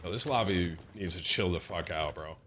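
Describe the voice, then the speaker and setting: A man's voice: low-pitched, normal speed, fairly bright tone, slight background noise. A man streaming a shooter game with friends, swearing and trading sarcastic trash talk. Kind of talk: casual gaming chat.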